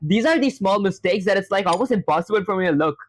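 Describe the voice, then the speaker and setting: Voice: mid-range voice, expressive, fast talker, slight background noise. A live-streaming programmer talking casually while coding. The streamer often calls the viewers "guys" and laughs off their own small mistakes. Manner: chatty, filler-heavy, self-deprecating, addresses chat as "guys".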